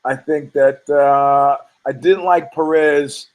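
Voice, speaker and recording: A man's voice: on the high side, fairly even intonation, slow, poor audio. A man hosting a casual sports podcast who rambles, stammers over his words, repeats himself and swears freely. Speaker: podcast host.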